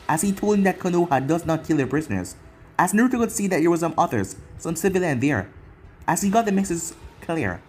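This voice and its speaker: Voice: mid-range voice, sing-song, a little fast, soft background music. A narrator reading an action fan fiction story in long run-on sentences. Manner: run-on storytelling with a casual aside to viewers.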